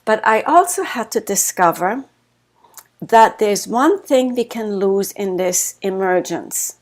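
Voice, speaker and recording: German-accented woman guest, reflective storyteller, middle pitch. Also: animated, slow pace. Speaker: guest author. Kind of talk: interview storytelling.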